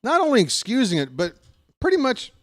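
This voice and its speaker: A man's voice: extremely high pitch, huge pitch swings, brisk. A man ranting sarcastically and with exasperation as a fan commentator, in casual live baseball talk on a close desk mic.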